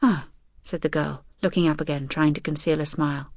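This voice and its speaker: A woman calmly narrating an audiobook in the third person. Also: low voice, a little fast, dry recording, studio quality.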